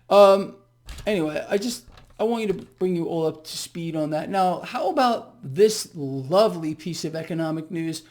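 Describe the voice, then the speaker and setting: A man giving a sarcastic, emphatic solo commentary on the markets as the host of his own video channel. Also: sits high. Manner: sarcastic, mocking, blunt and emphatic.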